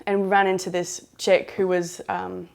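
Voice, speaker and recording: Woman, southern English accent, slightly low voice, candid personal storytelling, chatty and frank. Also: little pitch movement, moderate pace, creaky, darkish tone. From southern England. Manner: chatty, loose and frank, with British slang.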